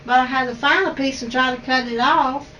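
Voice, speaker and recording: A woman with an Appalachian accent hosts a home cooking video, chatting in her kitchen in a homey, teasing way. Her high voice is steady, brisk, bright and forceful, but she sits far from the mic, so the audio is poor, with slight background noise and faint music.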